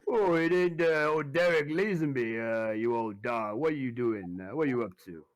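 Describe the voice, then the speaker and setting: A man voicing a gruff, folksy male swamp boatman in a tabletop game. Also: mid-range voice, animated, normal speed, no echo, close to an everyday voice. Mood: jovial.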